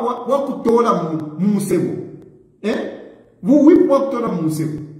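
A man with a Zambian accent giving animated political reaction commentary, firing rhetorical questions. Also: high-pitched, reverberant, long reverb tail, rough recording. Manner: animated, repeats rhetorical questions, laughs mockingly.

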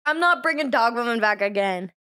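A woman comedian rambles through her stories as a podcast guest and laughs at her own jokes. She sounds a bit sleep-deprived, with a fairly high voice. The sound is dry and close. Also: animated, fairly quick, bright, forceful tone, no room sound. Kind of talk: casual comedy podcast chat.

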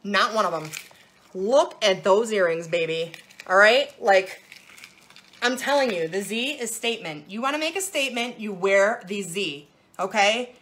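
A woman's voice: medium pitch, animated, a little slow, fairly bright tone. A woman hosting a casual live jewelry sales show, bubbly and playful, gushing over each piece.

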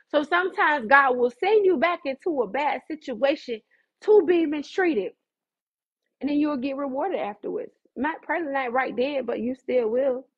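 A woman's voice: high voice, normal speed. A woman preaching fervently on a livestream, conversational and dramatic, mixing scripture with chat. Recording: dull lo-fi livestream audio.

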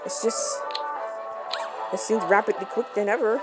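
A woman's voice: mid-range voice, fairly even intonation, normal speed, rough recording. A woman giving casual, rambling commentary while she plays a game, giggling and exclaiming often. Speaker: channel host playing a game. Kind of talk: casual let's-play commentary. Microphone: phone screen recording. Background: loud game music.

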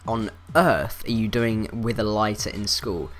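Here a man puts on a stern schoolteacher woman for a storytelling video. She scolds with incredulous questions, her voice pitched well above his own, and a little faint music plays behind. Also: measured pace, a bit bright. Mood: scolding. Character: stern female primary school teacher.

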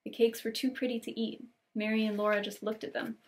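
A young woman reading classic novel passages aloud in an unhurried, gentle storybook way, with casual chatty asides between scenes. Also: fairly high pitch, level tone, slight background noise. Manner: gentle, unhurried reading, lingering on cozy details. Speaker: book channel host reading aloud.

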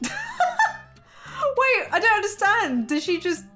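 Young woman, gaming reaction host, high voice, lively swoops, giggly disbelief. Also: slow, soft background music. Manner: giggly, incredulous running commentary. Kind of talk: reacting to an animated story with voiced lines.

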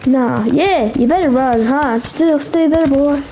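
High-voiced woman, slangy gaming commentary. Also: measured pace, dark tone, slight background noise, low-quality recording. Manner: slangy, joking, talks to teammates. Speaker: gamer.

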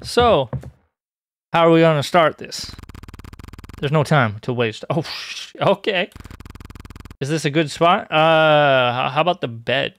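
A young man streaming a horror game, joking and excitable, bursting into high squeaky outbursts. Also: a little slow, long pauses, slight background noise. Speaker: gaming streamer.

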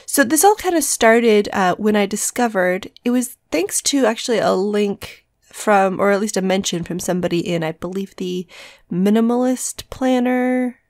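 A young woman with a groggy morning voice, talking softly and rambling through a casual vlog voice-over from a separate room at home so she won't wake the household. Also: mid-range voice, moderate pace, no room sound, studio quality. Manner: speaks softly to avoid waking the household; rambling, self-correcting. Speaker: planner vlogger.

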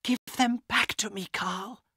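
Man putting on a frightened young woman, high and pleading. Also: unhurried, sharp tone, husky, no room sound, clean studio sound, full character voice.

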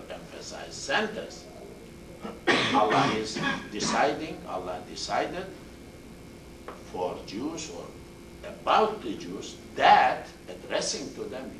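A medium-pitched, fairly bright male voice teaches a Quran class in a mosque classroom, going word by word through the Arabic, repeating terms and rattling off verb forms quickly in a tafsir lecture. He sounds far from the mic, with roomy echo and faint hiss.

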